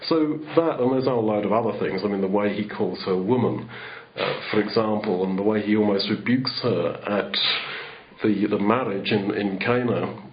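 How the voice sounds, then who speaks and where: A man's voice: fairly low pitch, moderate pace, highs cut off, slight background noise. A man giving a sermon in a rambling, conversational way, full of restarts. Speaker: preacher.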